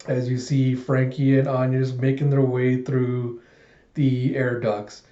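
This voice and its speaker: A man's voice: mid-range voice, little pitch movement, unhurried, warm tone, reverberant, dull audio. Chatty man recapping a manga. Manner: chatty, filler-heavy retelling. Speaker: manga reviewer. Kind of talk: casual reaction recap.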